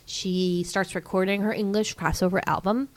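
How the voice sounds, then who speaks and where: A young woman co-hosting a podcast, casually recapping a film, cursing freely and acting out the characters in quick quotes. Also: medium pitch, fairly even intonation, no room sound. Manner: chatty, swears freely, acts out characters in quotes, laughs often. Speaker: podcast co-host.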